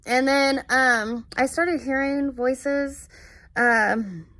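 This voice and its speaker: A young woman talking about her own experiences in a halting, earnest way, full of fillers and restarts. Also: high voice, fairly bright tone, no echo. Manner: earnest and searching. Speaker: vlogger. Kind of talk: casual personal monologue.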